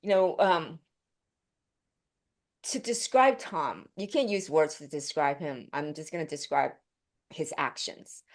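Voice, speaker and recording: A woman telling a story as an interview guest, lively and chatty, jumping up in pitch when she acts out what people said. Her delivery is casual and full of fillers and restarts. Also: slow pace, long pauses. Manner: animated storyteller, laughing, acting out quotes with pitch leaps.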